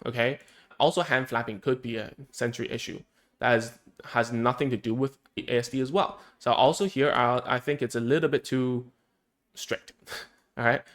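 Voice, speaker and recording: A man's voice: mid-range voice, fairly bright tone. A man, a speech therapist, explaining in a casual, conversational way, thinking aloud and often checking in with "right?" and "okay?".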